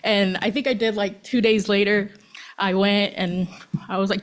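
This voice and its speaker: A woman presenting a student award at a school board meeting. She speaks off the cuff, halting with frequent ums, and grows emotional. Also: medium pitch, flat delivery. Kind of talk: nervous unscripted speech at a board meeting. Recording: public meeting room.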